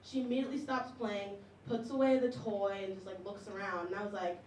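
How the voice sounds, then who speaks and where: A young woman's brisk, darkish, mid-range voice carries a steady tone through her chatty, self-deprecating stand-up set before a comedy club audience, with frequent laughs between lines. Echo, a distant mic, and audience noise mark the recording.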